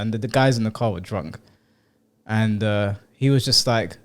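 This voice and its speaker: Young male podcast co-host, blunt and profane, in an animated storytelling style. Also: lowish voice, normal speed, smooth. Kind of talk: casual chat.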